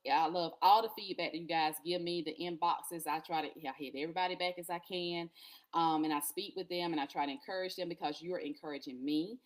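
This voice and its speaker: A woman's voice: on the low side, fairly bright tone. A woman hosting a live show, talking earnestly and encouragingly about faith and purpose, repeating phrases and laughing now and then. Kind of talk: motivational faith talk. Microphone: podcast or livestream mic.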